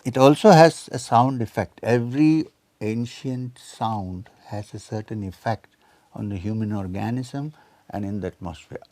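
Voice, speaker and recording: A man's voice: on the low side, measured pace, a little mellow, dry recording. Older male lecturer, seventies, quotes verses, questions listeners, dead-dry sound. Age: 70s. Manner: quotes scripture and Sanskrit, asks the audience questions. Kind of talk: spiritual lecture.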